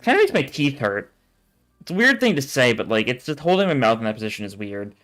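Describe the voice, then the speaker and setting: A man chatting casually while he streams a game, his sentences rambling and full of filler. His voice sits at an ordinary middle pitch. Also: sing-song, fairly quick, a bit bright, faint music behind. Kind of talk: casual let's-play commentary.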